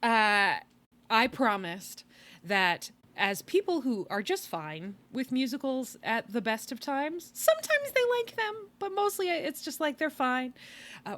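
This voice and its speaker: A woman's voice: mid-range voice, fairly bright tone. A woman hosting a podcast in casual chat, tired, wry and rambling, with sighs and laughs. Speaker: podcast host.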